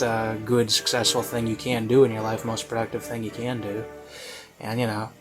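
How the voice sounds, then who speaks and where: A man giving casual, rambling commentary on a video he is reviewing, full of "you know" and "like" and offhand self-mockery. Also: mid-range voice.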